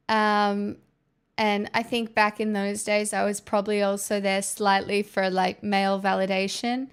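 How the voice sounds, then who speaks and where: Chatty Australian woman with a gravelly edge. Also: medium pitch, monotone, unhurried. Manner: chatty, answers chat messages, rambling restarts. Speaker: livestreamer. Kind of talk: casual chat with viewers.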